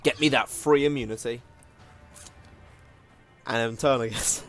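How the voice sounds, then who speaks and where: A man's voice: medium pitch, fairly even intonation, measured pace, fairly bright tone, soft background music. A man giving casual, self-mocking commentary while playing a card game, often laughing at himself. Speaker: gaming video host.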